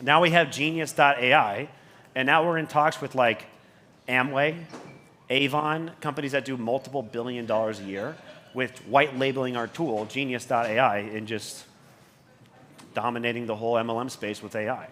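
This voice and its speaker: A man giving a motivational talk on a conference stage. He swears constantly and keeps surging in volume when he gets excited. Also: medium pitch, moderate pace. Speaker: conference speaker.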